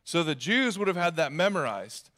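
A man's voice: a little high, big pitch swings, moderate pace, a bit bright. A young man preaching a sermon in a conversational, joking manner. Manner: conversational, jokey preaching with acted asides. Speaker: pastor.

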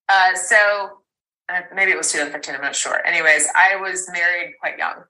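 A woman in her thirties with a low but bright, forceful voice tells a personal story as a podcast guest. She rambles, circles back with fillers and restarts, and swears now and then without minding. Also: poor audio.

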